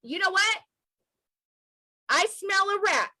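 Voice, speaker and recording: An American activist commentator with a very high, bright voice delivers impassioned video commentary at a slow, expressive pace. She speaks with fervent emotion and says her points twice to drive them home. The crisp, forceful voice is recorded close and dry, with no room echo.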